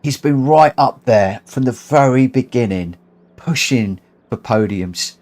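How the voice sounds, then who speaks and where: A man streaming a racing game to his viewers, breathless, excited and heartfelt as he reads out the results. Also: mid-range voice, unhurried. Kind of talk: live game commentary. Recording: clear background noise.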